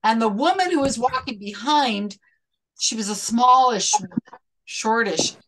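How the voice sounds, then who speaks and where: A woman's voice: fairly high pitch, a little slow, a bit bright. A woman hosting an online chat, telling a long story in a rambling, self-interrupting way. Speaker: host. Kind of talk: casual chat.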